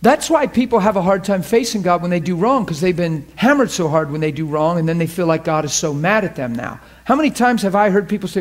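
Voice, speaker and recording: A man's voice: sits high, expressive, fast talker, few pauses. A man preaching a sermon to a class, emphatic and fervent, often asking the audience questions and laughing with them.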